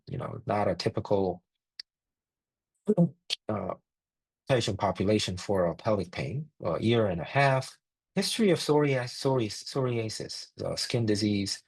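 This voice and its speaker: Gravelly-voiced man presenting medical cases. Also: lowish voice, animated, unhurried, darkish tone, poor audio. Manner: plain, thinking aloud with frequent fillers. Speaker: physician lecturer.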